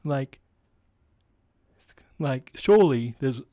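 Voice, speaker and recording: A man's voice: medium pitch, lively intonation, drawn-out words, warm tone, no room sound. A man hosting a solo comedy podcast, rambling and self-deprecating with lots of fillers and a stuffy nose. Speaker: podcast host.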